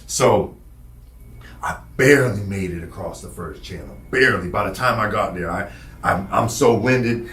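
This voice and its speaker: A man casually telling a long personal story, animated and profane. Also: sits low, moderate pace, roomy sound, a little hiss or hum. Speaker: podcast guest telling his story.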